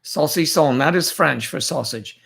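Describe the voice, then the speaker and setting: A man's voice: a little high, animated, normal speed, a crowd in the background. A man hosting a casual livestream chat, playful and teasing, greeting viewers by name. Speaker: livestream host.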